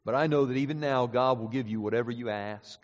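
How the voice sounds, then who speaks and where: A male pastor preaching a sermon, moving from quiet, slow passages to loud, climactic ones. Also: mid-range voice. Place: church sanctuary. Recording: dull sound with long reverb in a hall.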